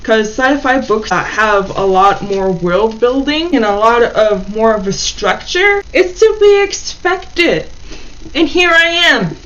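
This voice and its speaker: Chatty woman, casual book review, fairly high voice, slightly muffled lo-fi audio. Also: animated, slow, a bit bright. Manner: chatty, uses "like" often.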